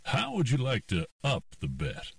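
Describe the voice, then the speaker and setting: Easygoing joking card player, voiced by a man, lively delivery. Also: medium pitch, unhurried, vocal fry, dry recording, studio quality, distant mic, voice pushed up, full character voice. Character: confident male gambler.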